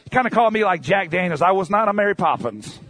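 A man preaching a sermon and telling his own testimony, animated, now and then bursting into shouts. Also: high voice, fast, no echo.

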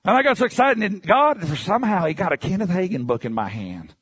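Preacher, male, high-pitched, dry close sound, lively storyteller who shouts at peaks. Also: quick pace, breathy edge, dry recording. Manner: animated storyteller, bursts into shouts. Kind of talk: sermon with personal testimony.

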